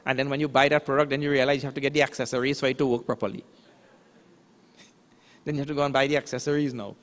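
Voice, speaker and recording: A man, a swami, giving a spiritual lecture, explaining scripture terms and asking rhetorical questions. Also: mid-range voice. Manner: recites verses in a slow chant. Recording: long hall reverb.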